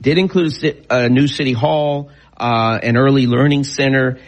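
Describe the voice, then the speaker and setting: A man co-hosts a talk radio show, chatting casually and rambling, his speech full of fillers and restarts. His voice is mid-range and his speed normal.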